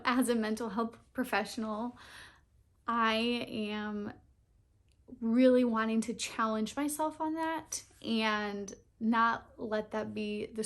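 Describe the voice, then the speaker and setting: A young woman talking earnestly and openly to camera in a casual vlog, laughing now and then. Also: a little high. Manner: earnest, open, tearful at times, laughs often. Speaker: vlogger starting a channel. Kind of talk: heartfelt casual vlog talk.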